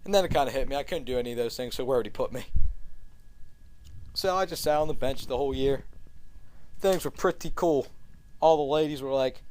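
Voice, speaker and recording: A young man telling a comedic story in a cocky, deadpan bragging manner. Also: medium pitch, brisk, long pauses. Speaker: comedic vlogger.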